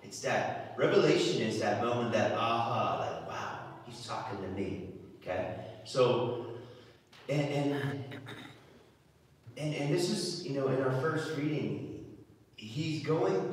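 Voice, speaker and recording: A man's voice: medium pitch, animated, slow. A man giving a homily, talking conversationally and often repeating words as he restarts. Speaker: preacher. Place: church. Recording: echoey church from far off.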